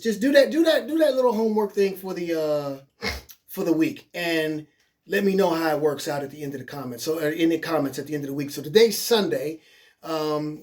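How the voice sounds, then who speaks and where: This man's fairly high, slightly mellow voice carries a coaching webinar. He's a life coach with a casual, encouraging, plain-spoken style who goes over points again and keeps asking "okay?".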